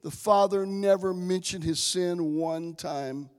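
A man preaching a sermon, impassioned, speaking straight to his congregation and swelling from soft to loud. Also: sits high, slow, clear, resonant tone, big-room sound. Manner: addresses the congregation directly.

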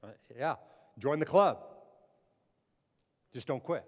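A pastor preaching a sermon, emphatic and repeating phrases, calling the congregation to answer amen. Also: male voice, fairly high pitch, lively intonation, takes it slowly, darkish tone. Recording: long hall reverb.

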